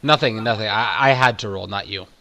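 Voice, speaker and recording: A man's voice: on the low side, brisk, creaky, sharp tone. A man running a tabletop game who narrates loosely, with many fillers and a lot of laughing. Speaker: game master.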